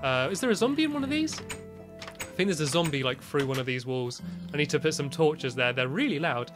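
A man's voice: fairly high pitch, lively intonation, a little fast, over music. A young British man chatting casually as he commentates his own gameplay, rambling and friendly. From Britain. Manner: chatty, rambling, shrieks when scared. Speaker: gaming YouTuber.

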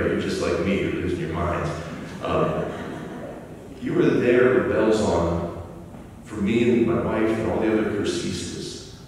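A man's voice: fairly low pitch, a little hiss or hum. A man preaching a conversational sermon as pastor, folksy and self-deprecating, in a church sanctuary. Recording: echoey church hall from far off.

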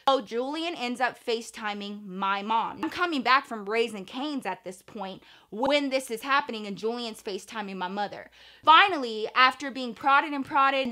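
A woman vlogger telling a personal story in an animated, slangy way. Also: a little high, normal speed. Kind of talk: story time vlog.

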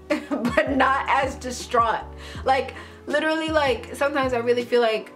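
A young woman talks straight to camera about faith in a candid, slangy way, half chat and half sermon. Her voice sits a little high, and soft music plays faintly under her. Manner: candid, slangy and preachy, addressing viewers as y'all. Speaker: faith vlogger. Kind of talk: casual faith talk to camera.

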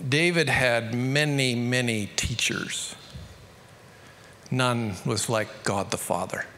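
Australian male pastor, bright sharp tone, reverberant church hall, storytelling sermon. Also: mid-range voice, slight background noise. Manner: conversational, storytelling, quickening to emphatic peaks.

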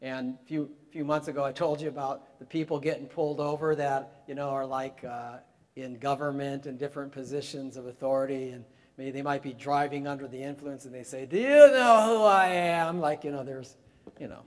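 A man's voice: mid-range voice, little pitch movement, fairly quick, darkish tone. A man preaching a sermon, talking conversationally and rising to emphatic peaks. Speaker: pastor. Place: church sanctuary. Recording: long hall reverb in a church.

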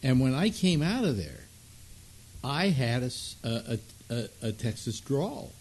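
A male radio talk host chatting in a relaxed, rambling way, full of "uh"s and restarts. His voice moves around a lot in pitch, from a middle-of-the-range base. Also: measured pace. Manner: rambling and conversational with many fillers. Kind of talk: casual chat.

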